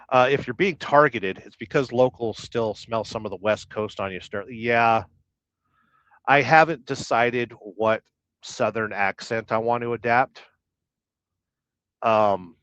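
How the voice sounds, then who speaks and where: A man's voice: mid-range voice, a bit bright, no echo, dull audio. A man hosting a casual live stream as a truck driver, joking and rambling as he reads viewers' comments aloud from his truck. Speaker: livestream host, truck driver. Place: truck, waiting to unload.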